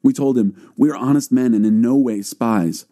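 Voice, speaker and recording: A man's voice: mid-range voice, moderate pace, mellow, natural voice. A man reading the anxious, defensive words of a group of grown brothers. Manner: worried, defensive.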